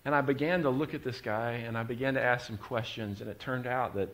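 A middle-aged man, preaching a sermon and telling a story, moving from quiet, confiding asides to loud, driving emphasis. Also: mid-range voice, steady tone, fairly quick. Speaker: pastor.

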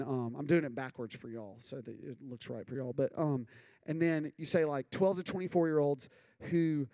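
A man's voice: medium pitch, dark tone, no room sound. A young adult man preaching a casual, earnest sermon to young people, often checking in with "okay?" and "right?". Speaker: youth pastor.

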